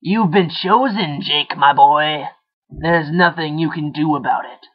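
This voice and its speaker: A man's voice: on the high side, unhurried, muffled recording. A man voicing a menacing male inner voice that taunts and threatens the hero. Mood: taunting.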